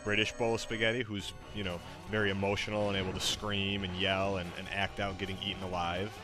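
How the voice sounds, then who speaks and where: A man's voice: low voice, little pitch movement, a little fast, over music. A man streaming, giving rambling, filler-heavy casual instructions. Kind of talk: casual chat.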